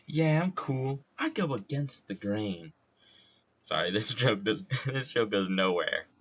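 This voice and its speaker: A man's voice: on the low side, expressive, measured pace, a bit bright, slightly rough. A young adult man streaming casually while wood carving, joking, rambling and swearing freely at his own expense.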